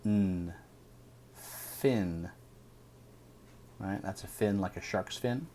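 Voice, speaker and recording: Guy teaching phonics, sounds out every word real slow and careful. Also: low-pitched, dark tone, slight background noise. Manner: slow, deliberate sounding out of words. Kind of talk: phonics lesson.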